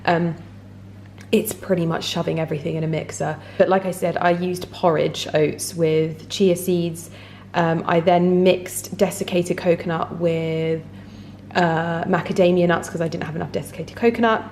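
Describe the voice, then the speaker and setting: A woman's voice: fairly low pitch, fairly even intonation, normal speed, darkish tone, slight background noise. A woman in her thirties chatting casually in a lifestyle vlog from her home kitchen, talking loosely with many fillers and frequent giggles. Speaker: lifestyle vlogger.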